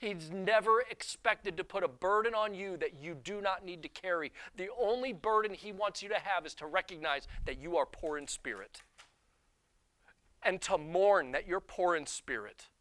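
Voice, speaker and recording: Bright-voiced male pastor preaching. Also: sits high, moderate pace. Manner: animated, self-deprecating, acts out quotes. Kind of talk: sermon with personal storytelling.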